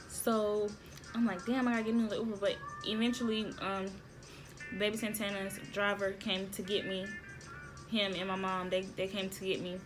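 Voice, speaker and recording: A woman vlogging casually, telling a story to viewers in an excitable way, repeating phrases and laughing often. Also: medium pitch, normal speed, soft background music.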